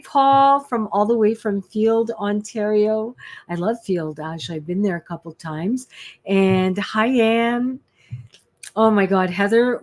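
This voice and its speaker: Woman, from Canada, livestream host, effusive, chatty, mid-pitched voice. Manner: effusive, chatty, greets viewers by name with frequent exclamations. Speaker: psychic medium hosting a livestream. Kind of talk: casual livestream chat greeting viewers.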